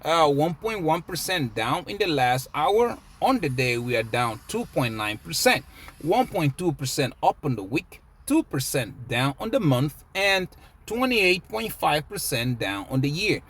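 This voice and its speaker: A man's voice: on the high side, a little slow, slightly rough. A man giving casual, emphatic market commentary as a crypto vlogger. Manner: animated, emphatic, preachy.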